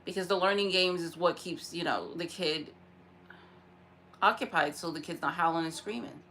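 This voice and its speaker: A woman's voice: on the low side, moderate pace, fairly bright tone, a little hiss or hum. A woman talking to her vlog camera in a frustrated, upset rant, sighing and repeating herself, close to tears at times. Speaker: vlogger.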